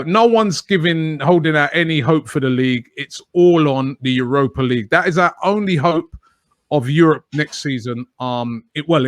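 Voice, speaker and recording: A man's voice: medium pitch, no echo. Chatty man with a dry close sound. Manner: chatty, emphatic, frequent "you know". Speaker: guest, fan channel presenter. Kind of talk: podcast interview answers.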